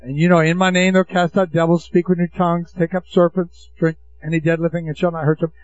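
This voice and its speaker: High-voiced preacher on a dull recording. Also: male voice, level tone, a little fast. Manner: emphatic, asks the congregation rhetorical questions. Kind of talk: sermon.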